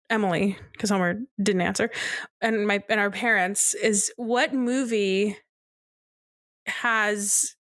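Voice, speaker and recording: A woman's voice: mid-range voice, pushed and bright, no room sound, studio quality. A young woman co-hosting a podcast, telling a story in a casual chat with her brother and laughing often as she talks. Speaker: podcast co-host.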